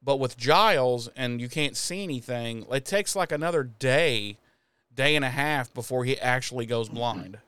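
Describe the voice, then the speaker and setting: A man's voice: mid-range voice, moderate pace, fairly bright tone, smooth, no room sound. A man co-hosting a podcast who casually recaps an episode in profane language, laughs often and acts out characters in voices. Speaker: podcast co-host.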